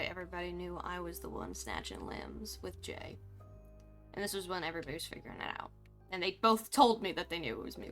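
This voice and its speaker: A woman streamer recounting her character's story in a roleplay game, animated and frustrated, swearing freely. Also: medium pitch.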